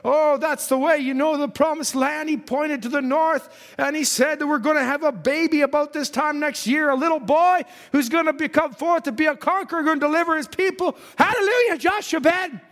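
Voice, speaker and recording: Male preacher, very high voice, animated sermon storytelling, long hall echo. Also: fairly quick, few pauses. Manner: animated, acts out biblical characters, swings from shouting to hushed.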